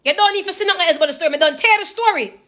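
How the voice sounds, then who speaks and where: A woman's voice: extremely high pitch, racing, pushed and bright, voice pushed up. A woman putting on the voice of her Jamaican mother, insistent and interrogating, speaking into a phone. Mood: exasperated. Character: pushy Jamaican mother, middle-aged woman.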